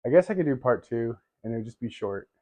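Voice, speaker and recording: A man's voice: medium pitch, expressive, fast, warm tone, dry recording. A man talking casually about his bikes in a home garage vlog, rambling and laughing often. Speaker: bike vlogger.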